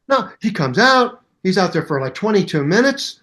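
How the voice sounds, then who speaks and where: An older man in his seventies tells a story as a guest musician, jumping between characters in lively voices. His voice sits a little high for a man. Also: moderate pace. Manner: acts out both sides of the story in voices, lively. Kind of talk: animated storytelling interview.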